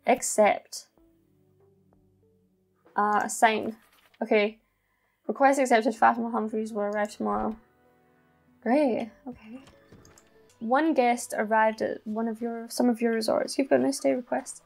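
A young woman, excitedly commentating as she plays a cozy video game. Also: a little high, slow pace, creaky, pauses often, soft background music. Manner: bubbly, excitable. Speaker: gaming channel host. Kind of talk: let's play commentary.

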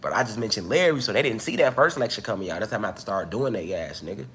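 A man's voice: on the low side, expressive, very fast, a bit bright, a little hiss or hum. A man hosting a casual livestream, coughing as he recovers from an illness, talking loosely and profanely straight to his viewers. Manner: loose, profane, chatty, addresses viewers directly. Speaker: livestream host.

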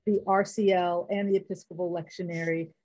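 A middle-aged woman, a biblical scholar guesting on an interview, speaking in an emphatic, teacherly way and listing names in a measured cadence. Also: fairly low pitch, flat delivery, darkish tone, poor audio.

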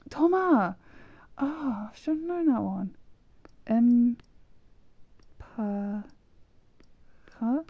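A woman's voice: fairly high pitch, gravelly, dry recording, muffled recording. A woman giving rambling, self-deprecating commentary while playing a language-learning game, often hesitating and trailing off. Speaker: gameplay video creator. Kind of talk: casual gameplay commentary.

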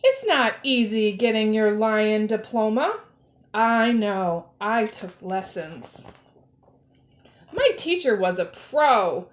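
A woman's voice: mid-range voice, big pitch swings, slow pace. A woman who works as a zoo educator, reading a picture book aloud and encouraging children to join in. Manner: encouraging, talks directly to children. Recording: roomy echo.

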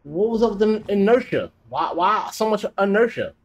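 Male gamer, slightly high voice, exasperated running commentary. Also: sing-song, moderate pace, dull audio. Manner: exasperated, complaining aloud. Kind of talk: let's-play commentary.

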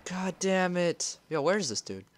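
Excitable gaming commentator with a high voice. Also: male voice, a little slow. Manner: rambling and excitable, gasping and yelling during play. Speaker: gaming YouTuber. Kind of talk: casual gameplay commentary.

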